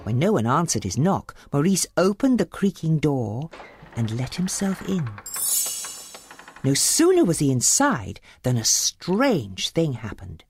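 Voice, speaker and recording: Animated low-voiced woman reading a storybook. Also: unhurried, slight background noise. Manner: expressive, animated. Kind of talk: storybook read-aloud. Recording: faint background music.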